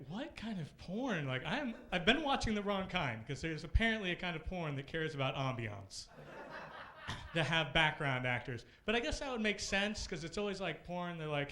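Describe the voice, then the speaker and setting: A young man doing casual, deadpan stand-up storytelling on a comedy club stage, then introducing the next act. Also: a little high.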